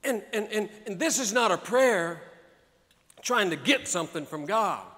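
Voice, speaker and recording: A man preaches with high-pitched, bright energy, swinging between folksy asides and full-throated shouts. His voice rings out through a large church hall with a long, lingering reverb. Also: expressive, unhurried. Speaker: pastor. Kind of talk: preaching a sermon.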